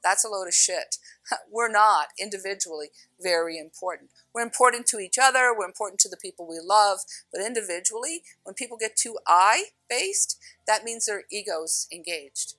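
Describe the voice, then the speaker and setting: Animated middle-aged woman telling a spiritual story. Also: mid-range voice, moderate pace, dry recording, soft background music, poor audio. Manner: animated, acts out voices in her story, laughs often. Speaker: spiritual speaker. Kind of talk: personal storytelling talk.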